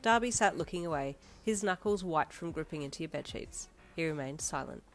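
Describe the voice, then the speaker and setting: A woman narrating an audio fanfiction in the second person, even and storytelling. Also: sits low, brisk, soft background music.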